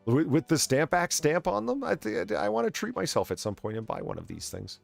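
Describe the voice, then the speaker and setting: A man's voice: fairly high pitch, very animated, brisk, gravelly, faint music behind. An American man hosting a casual podcast, reading news items aloud, swearing and laughing. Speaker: podcast host. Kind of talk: casual chat.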